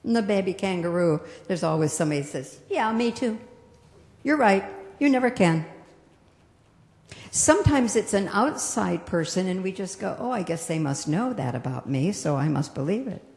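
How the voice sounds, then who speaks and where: A woman minister giving a gentle, reflective sermon that slows down on its key phrases. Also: fairly low pitch, big pitch swings. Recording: echoey hall with long reverb.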